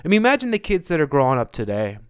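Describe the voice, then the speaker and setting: A man's voice: a little high, very animated, very fast, clean tone. A man hosting his own podcast, delivering a sarcastic, mocking opinion monologue and laughing at his own jokes. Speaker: podcast host.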